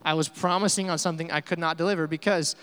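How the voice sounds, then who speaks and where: A man's voice: fairly high pitch, fairly even intonation, fast talker, fairly bright tone, smooth, big-room sound. A man preaching a casual, upbeat sermon, coaxing his congregation to join in. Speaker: pastor. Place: church hall.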